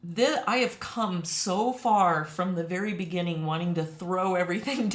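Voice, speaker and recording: Woman art teacher, chatty and emotional, lowish voice, roomy echo. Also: measured pace. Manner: chatty, emotional, laughs often. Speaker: watercolor teacher. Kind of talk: casual live-stream chat. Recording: echoey room.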